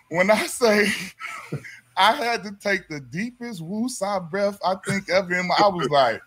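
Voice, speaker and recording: A man, a former pro basketball player, telling a story as a podcast guest, animated and slangy and laughing as he goes. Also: sits high, unhurried, slightly rough. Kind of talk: casual storytelling in a conversation.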